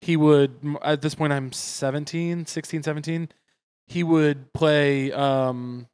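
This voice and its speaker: Man, podcast host, a touch high-pitched, wry and blunt storyteller. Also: fairly even intonation, slow pace, a little mellow, clear, resonant tone. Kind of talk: casual chat.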